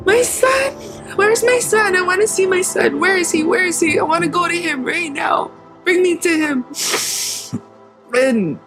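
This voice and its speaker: A woman telling a documentary interviewer about a painful memory, her voice breaking into crying and shouts. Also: very high-pitched, a little slow. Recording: documentary clip with music behind. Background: music.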